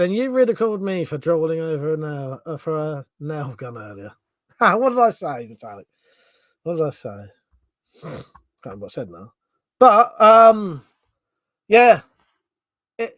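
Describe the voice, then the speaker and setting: A man's voice: on the high side, very animated, normal speed, pauses often, a bit bright, dry recording, clean studio sound. A British man hosting a casual livestream, reading viewers' comments aloud and bantering with loose, swearing chatter. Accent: British English. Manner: swears freely, rambling, banter with chat. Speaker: livestream host.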